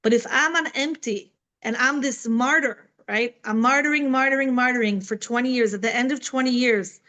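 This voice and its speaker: A woman's voice: a little high, moderate pace, bright, forceful tone, dull audio. A middle-aged woman teaching a Torah class online from home, chatty and full of "right?" asides. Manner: conversational, many fillers and "right?" asides.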